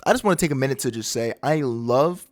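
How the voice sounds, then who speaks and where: A man casually recapping a manga chapter with excited slang and his own sound effects. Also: mid-range voice, quick pace. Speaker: manga breakdown host.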